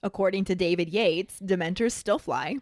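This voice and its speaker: A woman's voice: lowish voice, moderate pace, darkish tone, dry recording, studio quality. A woman co-hosting a podcast in casual chat, retelling a story playfully. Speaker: podcast co-host.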